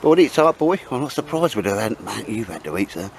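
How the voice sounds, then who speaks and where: A man's voice: lowish voice, sing-song, a little fast, vocal fry, slight background noise. Rambling, matey man outdoors. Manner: rambling and matey, always saying mate and sir. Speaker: host. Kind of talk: casual chat. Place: woods outdoors.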